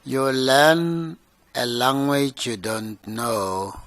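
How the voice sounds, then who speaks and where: A man's voice: medium pitch, animated, drawn-out words, fairly bright tone, a little hiss or hum. A man chairing a formal interview panel, asking questions in a courteous, formal way. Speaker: commission chair.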